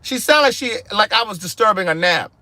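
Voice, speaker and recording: A man telling a story in casual vlog style from his car, animated and exasperated, acting out both sides of his phone calls. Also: high voice, fairly quick, no echo. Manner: sassy, exasperated. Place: inside a car.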